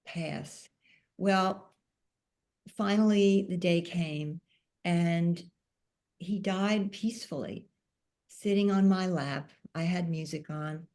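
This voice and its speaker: Soft-spoken woman telling a story real slow, kinda emotional. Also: fairly low pitch. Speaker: panel speaker. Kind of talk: personal storytelling.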